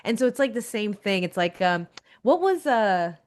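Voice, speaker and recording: A woman in her thirties talks as a guest on a casual podcast. Her voice sits at a middle pitch. She is animated, laughs a lot, and often breaks into quick acted-out reactions. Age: 30s. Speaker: comic artist guest. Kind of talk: casual interview chat.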